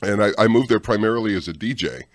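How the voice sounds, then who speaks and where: Low-voiced morning radio co-host, chatty and joking, dry studio mic. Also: male voice, fast talker, no room sound. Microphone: studio microphone.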